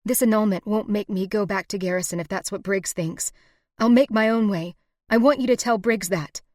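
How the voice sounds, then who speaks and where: A woman voicing a young frontier bride in an audiobook, pleading and then turning sharp. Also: fairly high pitch, moderate pace, no room sound, clean studio sound, pitched above the performer's own voice, lightly acted. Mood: angry. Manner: pleading, breaking into anger. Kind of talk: audiobook character voice.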